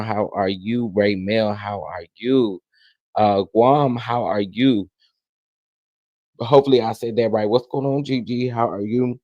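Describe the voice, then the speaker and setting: A man hosting a casual live stream, greeting chat viewers one by one and sounding irritated, with halting restarts. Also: medium pitch, mellow, no echo, lo-fi sound. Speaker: livestream host. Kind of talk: casual livestream commentary.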